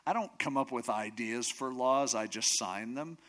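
A man voicing an ancient king who flares into outraged shouting and then brushes things off. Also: mid-range voice, normal speed, close to an everyday voice. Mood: offhand. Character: ancient king, quick to fury.

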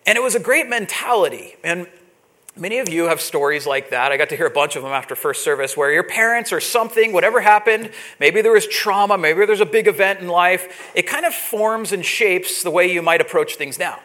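A man in his forties preaching a sermon, telling a personal story in a lively, storytelling way. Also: sits high, a little fast. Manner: storytelling, animated, gets loud when imitating yelling. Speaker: pastor.

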